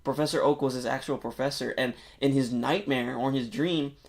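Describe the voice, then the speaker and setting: A man on a podcast excitedly retelling a movie plot in casual, rambling chat, full of filler words and swearing. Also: mid-range voice, fairly quick. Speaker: podcast co-host.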